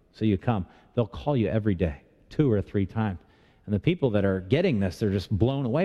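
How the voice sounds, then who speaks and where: A man's voice: lowish voice, lively intonation, fairly quick, highs cut off. A man preaching a sermon as pastor, talking in a conversational way with rhetorical questions and touches of humor. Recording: long reverb of a large hall.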